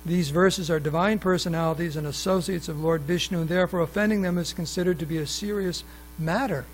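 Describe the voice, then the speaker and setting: A man teaches a scripture class in a temple hall, voice fairly high and brisk with fairly even intonation. He reads passages, adds asides and audience questions, and keeps restarting sentences amid fillers. The low-quality recording carries a little hiss or hum.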